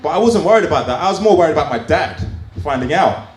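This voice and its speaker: A man's voice: a little high, expressive, quick pace. A man doing open mic stand-up in a small comedy club, telling crude stories in a chatty way full of fillers. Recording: roomy club sound, faint ambience.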